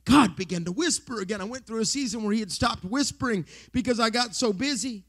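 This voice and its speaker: Middle-aged male preacher with a high voice, dynamic sermon delivery that swings from whispering to exclaiming. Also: brisk, fairly bright tone. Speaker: pastor.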